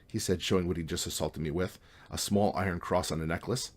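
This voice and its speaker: Author-narrator, male, relaxed wry novel reading, deep and husky. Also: brisk. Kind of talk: audiobook reading.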